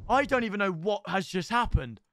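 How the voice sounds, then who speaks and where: A young man reacting to clips in casual commentary, excitable and quick to break into shouts. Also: sits high, soft background music.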